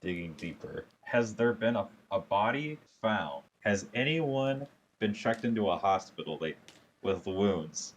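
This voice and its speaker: A young man with a very low voice taking part in a tabletop game. He talks in an easygoing way, thinking his detective's moves through aloud. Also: lively intonation, unhurried, slight background noise, low-quality recording. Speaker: player. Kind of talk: casual tabletop play.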